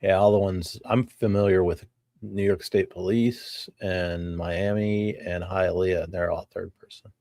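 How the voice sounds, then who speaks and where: A man with a very deep, mellow voice co-hosts a casual podcast, relaxed and wry, often chiming in with short agreeing replies. The recording is dry and close. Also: unhurried, creaky, no room sound. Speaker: podcast co-host.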